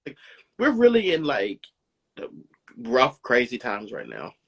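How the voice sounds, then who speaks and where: A man co-hosting a casual podcast chat, telling stories in a relaxed way full of "like" and "um". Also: medium pitch, a little slow, slightly rough. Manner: relaxed, filler-heavy storytelling with frequent "like" and "um". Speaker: podcast co-host.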